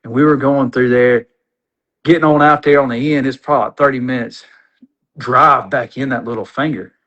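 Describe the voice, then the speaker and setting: A man with a drawl spins a fishing yarn as a podcast guest. His delivery is animated and folksy, with run-on sentences that pile one clause onto the next. The pitch sits at an ordinary middle height. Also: normal speed, lo-fi sound. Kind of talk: casual storytelling.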